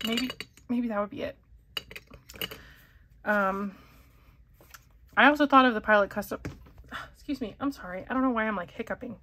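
A woman's voice: mid-range voice, a bit bright. Chatty woman rambling with many ums. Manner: rambling, self-correcting, giggly, with many ums. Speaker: fountain pen channel host. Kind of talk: casual chatty Q&A.

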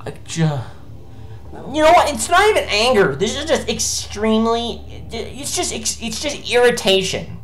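A woman doing let's play commentary, ranting in exasperation with heavy swearing and sudden bursts of shouting. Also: a little high, expressive, measured pace, soft background music, rough recording. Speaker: gameplay commentator.

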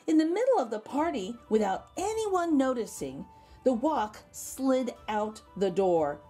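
A woman reading a children's picture book aloud, expressive with gentle asides. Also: fairly high pitch, measured pace, slightly rough, faint music behind.

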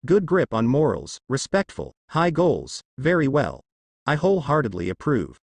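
A man voicing a fond, doting middle-aged father who runs a shop, a touch lower and gruff. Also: wildly swooping pitch, normal speed, darkish tone, dry recording, full character voice.

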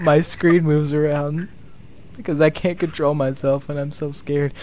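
A man's voice: on the high side, steady tone, normal speed, darkish tone, a little hiss or hum. A man on a gaming headset doing co-op game commentary, panicky and shrieking with nervous laughter. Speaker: gamer playing co-op.

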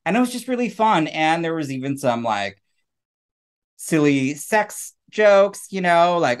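A man's voice: high voice, very animated, normal speed. A man on a casual podcast chat, rambling with fillers and chuckles as he recommends a film. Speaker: podcast co-host.

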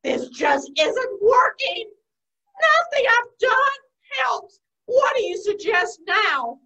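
A woman voicing a fretful female spider who complains in a high, whiny voice for a children's storytime. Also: big pitch swings, takes it slowly, sharp tone, full character voice. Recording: distant, dull lo-fi sound.

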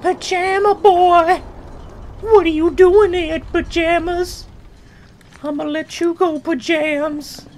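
A man putting on a very high, drawn-out taunting voice for an odd menacing character in a gaming video. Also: fairly even intonation, exaggerated voice. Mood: mock-menacing.

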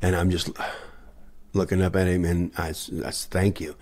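A man with a very low voice, a guest musician on a podcast. He tells his stories with gusto, acting out the quoted lines and laughing often. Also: level tone, moderate pace, darkish tone. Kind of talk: anecdotal storytelling in a podcast interview.

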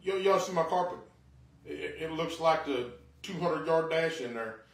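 A man's voice: a little high, moderate pace, gravelly, echoey room, far from the mic. A man doing a rambling, self-mocking comedy monologue at home in his living room. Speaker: stand-up comedian.

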